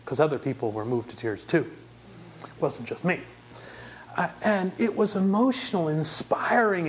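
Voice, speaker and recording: Preacher telling a story in a sermon, chatty, lots of asides, voice goes up and down to stress points. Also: mid-range voice. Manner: conversational, with frequent self-corrections and asides.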